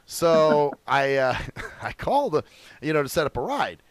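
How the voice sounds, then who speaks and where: A young man hosting a radio show, telling stories in a profane, animated, chatty way. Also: a little high, measured pace, no echo. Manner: profane, animated storytelling with acted quotes. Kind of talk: casual chat.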